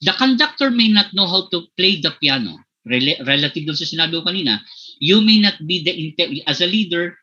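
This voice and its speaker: A man's voice: a little high, expressive, fairly quick, pushed and bright, dull audio. A man from the Bicol region of the Philippines with a Filipino accent, giving an online webinar lecture on leadership. He mixes English and Filipino, checks in with "okay?" again and again, and addresses his listeners as "my dear participants.". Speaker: guest speaker on leadership.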